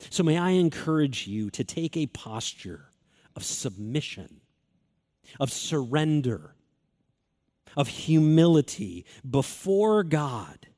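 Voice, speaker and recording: A man preaching a sermon as pastor, earnest and emphatic, repeating key phrases and slowing down for stress. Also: lowish voice, warm tone. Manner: earnest, emphatic repetition, swings between quick and slow phrasing.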